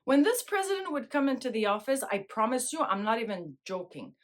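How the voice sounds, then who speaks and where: Chatty middle-aged woman, higher voice. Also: big pitch swings, brisk. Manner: chatty, laughs often, keeps asking "right?". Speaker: host. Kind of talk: casual monologue to camera.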